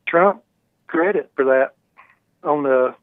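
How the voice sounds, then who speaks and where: A man's voice: on the high side, slow, dry recording. A man calling in to a talk show, speaking plainly and folksy in a casual phone chat. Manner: folksy, plain-spoken grammar. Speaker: caller. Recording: tinny phone line.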